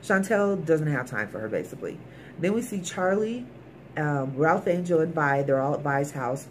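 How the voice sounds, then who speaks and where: A woman's voice: deep voice, animated, moderate pace, a little hiss or hum. A woman recapping a TV episode in a casual, emphatic way, talking straight to her viewers. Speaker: TV episode reviewer.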